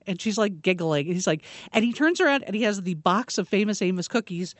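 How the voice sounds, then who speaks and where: A female radio co-host chats casually and retells stories with animated energy. Her voice sits in the middle range. The studio sound is dry and close. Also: mid-range voice, quick pace, no room sound.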